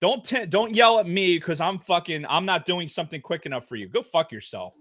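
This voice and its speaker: Angry podcast co-host, non-stop profane rant, high and lively delivery. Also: male voice, brisk. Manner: heated, profanity-laden ranting. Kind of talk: casual podcast chat.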